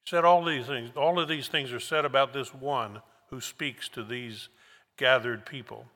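A man preaching a sermon verse by verse, slow and emphatic, repeating key words for weight. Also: medium pitch, pushed and bright. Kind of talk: expository sermon. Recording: long hall reverb.

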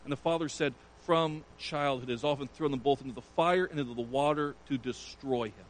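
Man, pastor, sermon, earnest, emphatic rises, middle pitch, faint hum. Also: brisk, rough recording.

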